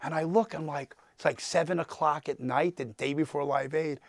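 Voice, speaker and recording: A man's voice: a little high, moderate pace, no room sound, studio quality. A talkative man in his sixties with a New York accent, telling stories and quizzing a class as a guest lecturer. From New York, the Bronx. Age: 60s. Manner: talkative, animated, quizzes the audience. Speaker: guest lecturer, entertainment attorney.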